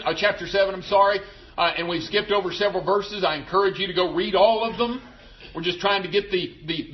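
A pastor preaching a sermon, emphatic and asking the congregation rhetorical questions. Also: male voice, sits high, highs cut off.

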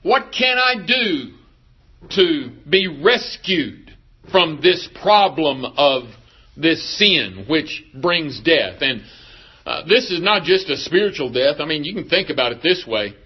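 A pastor preaching a sermon, emphatic and asking the congregation rhetorical questions. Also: male voice, fairly high pitch, animated, takes it slowly, slightly rough, lo-fi sound.

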